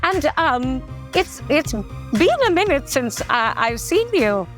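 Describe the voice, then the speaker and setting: Woman doing a fawning sly schemer, halting, higher voice, faint music. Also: sing-song, full character voice.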